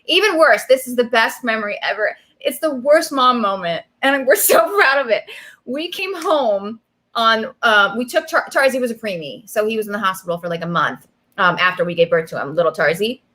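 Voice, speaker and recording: A woman in her thirties tells stories on a video call, her voice sitting on the higher side. She talks fast and animated, full of fillers and bursts of laughter. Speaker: guest. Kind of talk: casual chat.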